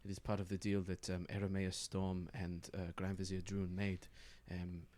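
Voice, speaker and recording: A man with a lowish voice runs a tabletop game as game master. He narrates the scene in loose, rambling descriptions, stopping often on fillers as he searches for the next word. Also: completely flat delivery, normal speed, a little mellow.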